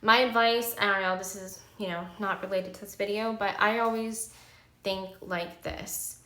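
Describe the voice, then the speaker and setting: Woman, 30s, vlogger; emphatic, heated storytime delivery, bright tone, recorded in an echoey room. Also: mid-range voice, fairly even intonation, moderate pace. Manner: heated, emphatic venting with many fillers. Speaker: pharmacy technician and nursing student. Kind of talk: candid vlog storytime.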